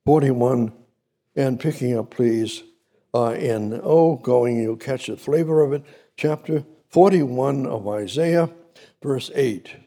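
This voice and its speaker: Male preacher, mellow husky voice, repeats words to build emphasis, sermon recorded in a hall with long reverb. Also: mid-range voice, slow pace. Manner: repetitive, building emphasis, reads scripture aloud.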